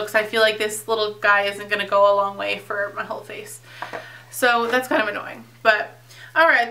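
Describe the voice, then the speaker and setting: A woman's voice: fairly high pitch, pushed and bright, distant mic. A young woman chatting casually and gushing as she reviews beauty products, with lots of fillers and self-corrections. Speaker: beauty vlogger.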